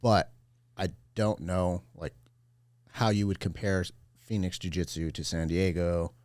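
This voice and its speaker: A man chatting casually as a podcast guest, laid-back and quick to laugh. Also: deep voice, fairly even intonation, darkish tone, no room sound, clean studio sound. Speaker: podcast guest, jiu-jitsu black belt.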